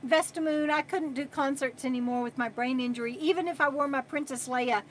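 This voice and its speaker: A woman in her sixties hosting a casual livestream, chatting and reading viewer comments aloud between pauses. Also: sits high, fairly even intonation, a bit bright, a little hiss or hum. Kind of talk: casual live chat.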